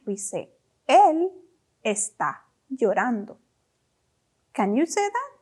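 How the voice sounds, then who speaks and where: Woman, Spanish teacher, very slow deliberate delivery, animated intonation, encouraging, call-and-repeat lesson. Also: fairly high pitch. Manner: slow, drawn-out model phrases for repeating; encouraging, prompts learners to repeat. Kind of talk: children's language lesson.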